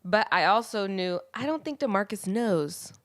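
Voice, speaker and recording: A woman's voice: medium pitch, animated, moderate pace, no room sound. A woman co-hosting a podcast in easygoing, casual chat. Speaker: podcast co-host.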